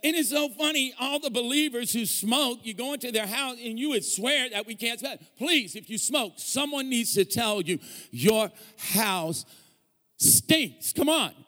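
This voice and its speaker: A man's voice: very high voice, moderate pace, few pauses, bright, forceful tone. A man preaching a sermon as a pastor, mixing jokes and stories with call-and-response to the congregation. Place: large church hall. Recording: long hall reverb.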